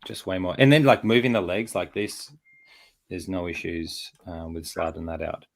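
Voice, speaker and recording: A man's voice: low-pitched, steady tone, moderate pace, creaky. A man hosting a casual chat while posing a figure, talking in a rambling way with many fillers and restarts, and getting over a chest infection. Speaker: host.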